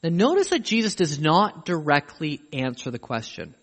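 Male preacher, high and emphatic, sermon delivery, long hall reverb. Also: huge pitch swings, normal speed, fairly bright tone. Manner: emphatic, pleading questions to the listener.

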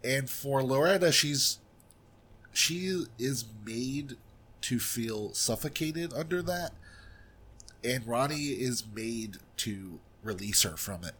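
A man's voice: medium pitch, animated, slow, a bit bright, slight background noise. A man co-hosting a film podcast, chatting casually and giving blunt, opinionated takes on a movie. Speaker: podcast co-host reviewing films. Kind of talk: casual chat.

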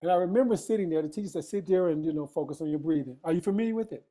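A man's voice: on the high side, racing, warm tone. A man telling a personal story in casual conversation, emphatic and street-casual, full of rhetorical questions to his listener. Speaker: guest.

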